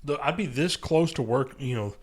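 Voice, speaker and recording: A man's voice: medium pitch, normal speed. A man hosting a casual podcast chat, rambling and acting out quoted people in put-on voices. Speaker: podcast host.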